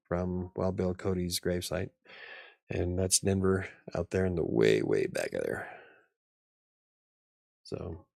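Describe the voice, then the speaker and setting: A man's voice: lowish voice, gravelly, a little mellow, no room sound, studio quality. A man hosting a casual livestream chat, rambling, joking at his own expense and laughing often. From United States. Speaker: livestream host.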